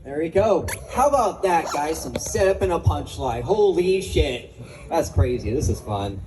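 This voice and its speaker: A young man tells jokes on stage in a high voice that swoops up and down. He swears freely and laughs at his own punchlines. Faint noise hums behind him. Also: sing-song, measured pace. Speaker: comedian. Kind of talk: stand-up comedy set. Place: open mic venue.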